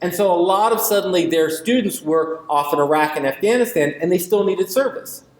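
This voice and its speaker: A man's voice: high voice, brisk. A man giving an invited university lecture, talking emphatically with rhetorical questions and ironic asides. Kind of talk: public lecture. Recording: echoey lecture hall.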